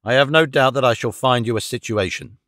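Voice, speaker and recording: A man reading an audiobook voices a gruff, uneasy old country squire with a guilty secret, speaking low and clipped. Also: brisk, a bit bright, dry recording, clean studio sound, natural voice.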